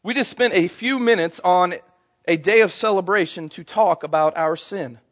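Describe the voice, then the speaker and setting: A man's voice: high voice, normal speed, a bit bright, dull audio. A man preaching a sermon to a congregation, talking conversationally and calling for responses from the room. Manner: conversational, calls for audience response. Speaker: pastor. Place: church service before a congregation.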